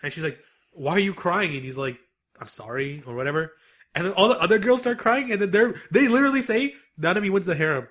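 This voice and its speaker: A man co-hosting a podcast, recapping anime episodes in casual, animated chat and laughing often. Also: sits high, quick pace. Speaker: podcast co-host.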